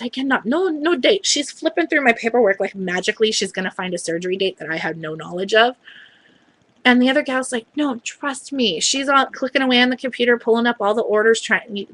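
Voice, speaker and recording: A woman talks to her camera in a casual vlog, telling a story in a chatty, hedging way. Her voice is bright and clear. She often breaks off to quote what other people said. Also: medium pitch, no echo, low-quality recording. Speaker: vlogger.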